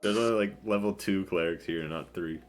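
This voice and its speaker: Low-voiced man running a tabletop game. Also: fairly quick, soft background music. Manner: loose, filler-heavy narration. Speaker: game master.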